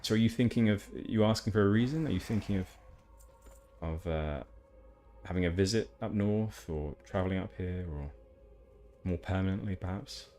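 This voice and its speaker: Faint music plays behind a young man from Hampshire, England, as he streams a game and chats casually with viewers. He rambles with many fillers and restarts, speaking at normal speed in a warm, low-pitched voice.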